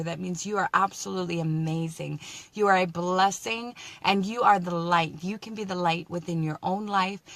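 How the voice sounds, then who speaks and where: A woman's voice: on the low side, creaky, fairly bright tone, no room sound. A woman speaking in a casual inspirational chat, chatty and encouraging, often restarting her sentences. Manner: chatty, encouraging, faith-filled, frequent restarts. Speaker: vlogger.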